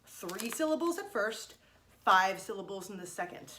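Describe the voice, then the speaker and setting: A woman's voice: mid-range voice, sing-song, moderate pace, sharp tone. A young woman teaching a music lesson to children, explaining each step in an encouraging way. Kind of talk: online music lesson for kids.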